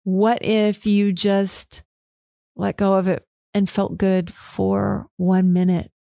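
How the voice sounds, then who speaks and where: A woman's voice: mid-range voice, level tone, slow pace, vocal fry, dark tone, no echo, studio quality. A woman hosting her own podcast, talking candidly and frankly on her own, fired up and swearing now and then. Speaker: podcast host. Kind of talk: candid solo talk.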